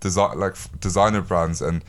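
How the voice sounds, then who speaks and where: A man in his twenties co-hosting a podcast from home over a call, talking in a relaxed, rambling way with many restarts. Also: deep voice, moderate pace. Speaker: podcast co-host. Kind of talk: casual chat.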